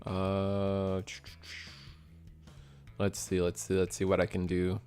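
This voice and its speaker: Low-voiced guy doing excitable play-by-play on a card game stream, quiet guitar music behind. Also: slow. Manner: chatty, excitable, talks to chat. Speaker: store tournament host and commentator. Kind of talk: casual livestream play-by-play commentary.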